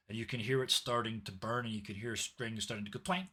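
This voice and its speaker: A man's voice: fairly low pitch, steady tone, fast, hardly any pauses, sharp tone. A young adult man narrating a tabletop game as game master, storytelling with added sound effects.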